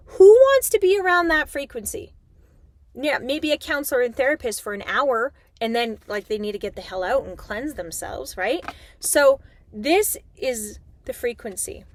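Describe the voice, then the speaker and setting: A middle-aged woman with a somewhat high voice chats animatedly about tarot and energy, casual and loose with a swear now and then. The sound is close and dry, with little room around it. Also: no room sound. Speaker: tarot reader. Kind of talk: spiritual talk to viewers.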